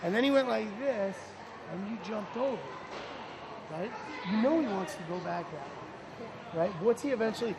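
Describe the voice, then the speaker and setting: A man's voice: sits high, lively intonation, normal speed, creaky. A man coaching lacrosse players at practice, energetically calling out praise and instructions. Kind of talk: on-field coaching. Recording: noisy field recording.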